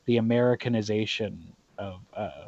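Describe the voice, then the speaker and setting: A man from the Southern US with a Southern accent, chatting excitably and swearing while playing a game. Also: on the low side, normal speed, dry recording. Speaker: let's play host. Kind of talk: casual gaming chat. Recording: dull lo-fi recording.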